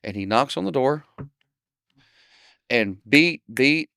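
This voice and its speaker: A man hosting a business podcast, telling a lively work anecdote and then wrapping up the episode, acting out bits of dialogue as he goes. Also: medium pitch, slow, gravelly, no room sound, clean studio sound. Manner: animated storyteller acting out dialogue. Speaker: podcast host. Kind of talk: storytelling anecdote, then closing wrap-up.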